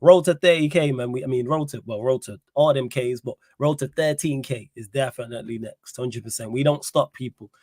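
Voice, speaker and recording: A man hosting a casual football livestream, reading chat messages and pressing his co-host with pointed questions in lively street slang. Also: medium pitch, a little fast, hardly any pauses, no echo, clean studio sound.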